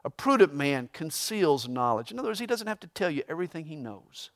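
A man preaching a verse-by-verse sermon, reading scripture and mixing in humor and a joke told with rising excitement. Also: a little high, a little fast. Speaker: pastor.

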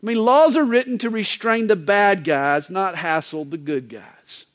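A male pastor delivering a sermon in a folksy, joking manner, with wide swings in pitch. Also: measured pace, fairly bright tone.

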